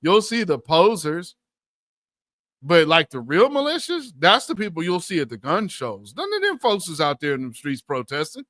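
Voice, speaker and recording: A man with a high, bright voice rants on his own stream, swinging widely in pitch as he mocks his opponents. His talk is profane and scornful. The sound is dry and close. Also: wildly swooping pitch, normal speed, no room sound. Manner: mocking, profane, mimics opponents in put-on voices. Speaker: host. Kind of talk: angry political commentary.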